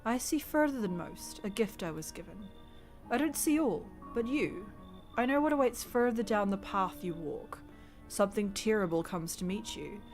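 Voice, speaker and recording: A woman's voice: mid-range voice, expressive, darkish tone, faint music behind, natural voice. A woman doing a cryptic ominous stranger. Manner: slow, solemn, riddling speech.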